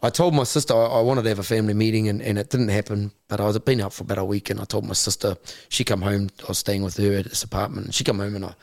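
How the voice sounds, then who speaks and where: A man's voice: on the low side, flat delivery, rapid-fire, vocal fry, hardly any pauses, no room sound, clean studio sound. A man in his forties with a New Zealand accent, a guest on an interview podcast. He tells his story bluntly, swears freely and restarts his sentences often. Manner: acts out other people's voices in his stories. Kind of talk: candid conversational storytelling.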